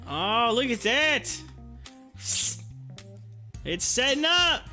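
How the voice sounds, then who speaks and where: A man's voice: extremely high pitch, expressive, takes it slowly, long pauses, bright, forceful tone, faint music behind. A man hosting a stock market live stream, chatting casually, rambling, teasing his viewers and laughing often. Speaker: stock market livestream host.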